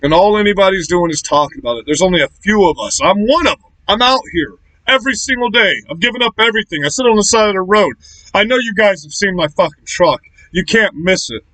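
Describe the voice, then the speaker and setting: A man's voice: high-pitched, animated, fast, no room sound, rough recording. A man ranting angrily on a political vlog, swearing heavily and talking in an aggressive, confrontational way. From Florida. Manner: profane, ranting, loud and aggressive. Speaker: political vlogger. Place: small shack.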